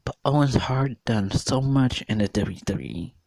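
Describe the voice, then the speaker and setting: A man's voice: mid-range voice, lively intonation, unhurried, creaky, darkish tone, no room sound. A man in his thirties giving an earnest, repetitive opinion monologue, often repeating and questioning. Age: 30s. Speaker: vlogger.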